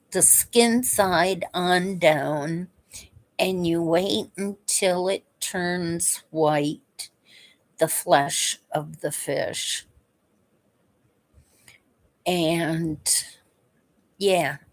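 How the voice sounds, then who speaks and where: A woman telling stories from her past in a casual, unhurried way, chuckling now and then between memories. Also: lowish voice. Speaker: vlogger. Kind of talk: casual storytelling.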